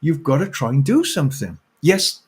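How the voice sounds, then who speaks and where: A man's voice: fairly high pitch, very animated, moderate pace, a little mellow, husky. A middle-aged man, an author talking as an interview guest, ranting passionately with swearing and bursts of laughter. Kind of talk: impassioned interview talk.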